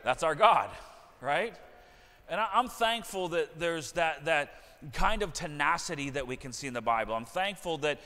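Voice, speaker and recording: A man's voice: fairly high pitch, animated, normal speed, bright, forceful tone. A middle-aged male pastor preaching a sermon in a church, earnest and repeating key phrases for emphasis. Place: church sanctuary. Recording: long church reverb.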